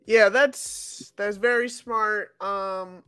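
A relaxed podcast co-host speaks slowly, offering easygoing affirmations and unhurried thoughts. The sound is dry and close, and a little music plays quietly under the talk. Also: mid-range voice, clear, resonant tone, dry recording. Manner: laid-back, drawn-out remarks and short affirmations. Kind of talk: casual chat.

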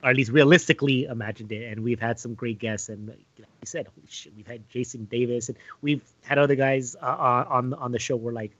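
A man co-hosting a podcast in casual chat, joking and laughing, with halting restarts. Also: medium pitch, steady tone, a bit bright, no echo. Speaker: podcast co-host. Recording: dull lo-fi sound.

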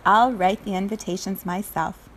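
A woman's voice: medium pitch, steady tone, normal speed, slight background noise, close to an everyday voice. A woman voicing a bossy, hardworking female iguana in a storybook, speaking insistently and with exasperation. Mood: determined.

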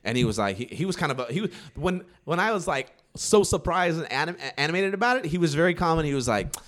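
A man's voice: on the high side, expressive, fast, a bit bright. A man in his thirties, a stand-up comic co-hosting a podcast, telling a story in casual chat and acting out the quotes with laughter and swearing.

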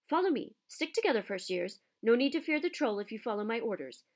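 Woman reading a pompous teenage prefect: loud, high, commanding, storybook reading. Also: big pitch swings, fairly quick. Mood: bossy. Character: bossy self-important teenage boy prefect. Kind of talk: audiobook character voice.

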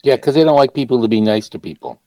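A man's voice: mid-range voice, fast talker, warm tone, no room sound, low-quality recording. A man co-hosting a podcast in casual chat, with dry, sarcastic humor. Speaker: podcast co-host.

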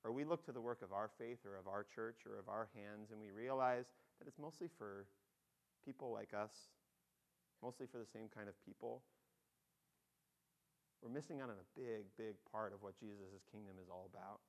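A pastor preaching a sermon, telling the story with feeling, acting out excited voices and dropping soft on key points. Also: male voice, lowish voice, moderate pace.

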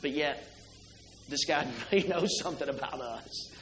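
A middle-aged male pastor with a slightly high voice preaches in an easy, conversational way, often putting rhetorical questions to the congregation. His voice rings around a roomy church sanctuary. A faint hum sits under the recording. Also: normal speed, fairly bright tone. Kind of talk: sermon.

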